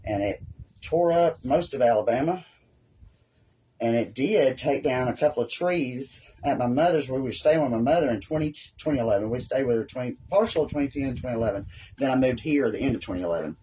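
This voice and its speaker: A man's voice: mid-range voice, fairly quick, mellow, slightly rough. A man with a Southern US accent hosting a live craft tutorial at home, rambling and folksy as he works. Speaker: craft host.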